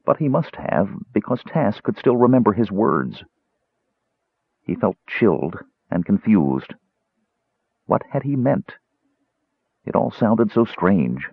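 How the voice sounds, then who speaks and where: A man's voice: lowish voice, big pitch swings, takes it slowly, vocal fry, long pauses, breathy edge, no echo. A man narrating a fantasy audiobook in a dramatic storytelling manner. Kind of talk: scripted narration. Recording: tinny phone-like dry sound.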